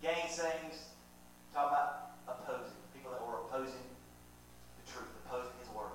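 A man preaching a sermon in a church, animated and dramatic, acting out voices as he teaches. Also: mid-range voice, normal speed, long pauses. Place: church sanctuary. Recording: very echoey church from a distance.

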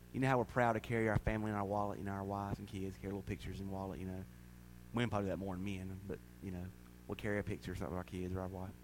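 Pastor guy preaching, folksy then gets loud and stretched out, faint hum behind. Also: lowish voice. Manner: folksy, rising to shouted preaching. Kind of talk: sermon.

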